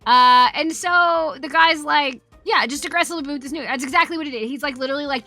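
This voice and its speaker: A woman's voice: high-pitched, quick pace, sharp tone, soft background music. A woman streamer chatting casually, telling a rambling, profane story and laughing as she greets her chat. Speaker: Twitch streamer.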